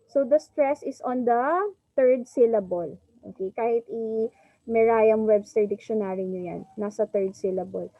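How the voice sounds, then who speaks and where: A woman with a Filipino accent teaches an English class over a video call. She switches between English and Tagalog and stretches out the words she wants pronounced. Her voice sits fairly high, and the audio is dry and dull. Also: mellow, dry recording. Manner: mixes English and Tagalog, drawn-out model words. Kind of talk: online class lecture.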